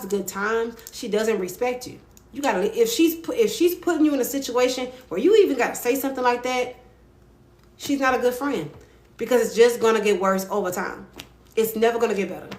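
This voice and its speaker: A woman's voice: medium pitch, reverberant. Blunt, sassy woman with a Louisiana accent. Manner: blunt, sassy, profane, repeats "right?". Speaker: livestream host giving advice. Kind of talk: casual livestream advice talk.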